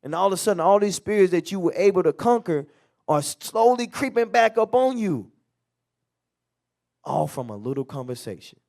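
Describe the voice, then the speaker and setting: A man's voice: sits high, big pitch swings, moderate pace, creaky, a little mellow. A man leading a Bible class in a loose, conversational preaching manner, acting out everyday quotes. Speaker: teacher. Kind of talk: street-style Bible class teaching.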